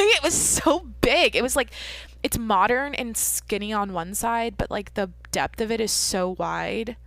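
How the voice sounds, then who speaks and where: Gravelly yet fairly bright, a young woman's mid-range voice carries her own podcast, recorded at home at night with no echo. In a casual solo monologue, she tells a long, rambling story, swearing often and interrupting herself.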